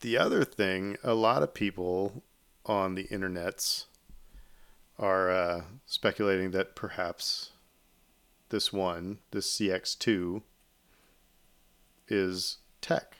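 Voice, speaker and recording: A man hosting a casual podcast, his voice a touch low and smooth. He rambles through his points with plenty of ums, restarts and asides. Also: slow, pauses often, a bit bright. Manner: rambling, many fillers and restarts. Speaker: podcast host. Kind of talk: casual chat.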